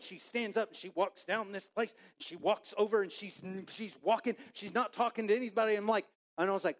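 A man in his forties from Texas, preaching a sermon through a lively personal story and acting out his own inner voice. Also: high voice, fairly quick, hardly any pauses. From Texas, USA. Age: 40s.

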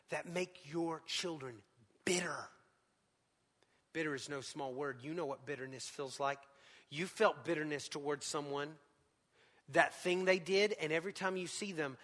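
Man preaching, middle-aged, high voice, long hall reverb, emphatic then hushed. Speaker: pastor. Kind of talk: sermon.

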